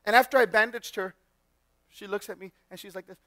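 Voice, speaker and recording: A male pastor giving a sermon in a church, telling personal stories in an animated way and often restarting his sentences. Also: sits high, a little fast, no room sound. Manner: animated storyteller with frequent restarts. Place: church sanctuary.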